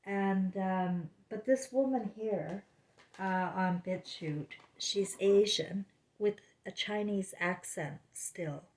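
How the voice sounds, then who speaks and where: Speaking slowly in a mid-range, slightly mellow voice, a spiritual vlogger rambles casually at home in her living room. There are plenty of fillers and restarts, and the room echo is noticeable.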